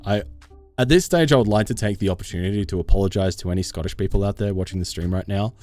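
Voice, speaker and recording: A man's voice: low voice, fast, darkish tone, dry recording, soft background music. A man streaming a game live, chatting casually with his viewers and laughing often.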